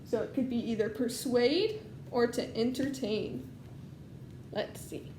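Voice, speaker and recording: Slow, high-voiced first grade teacher. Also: female voice, darkish tone, reverberant, slight background noise. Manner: patient, explaining to young children. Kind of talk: recorded lesson with storybook read-aloud.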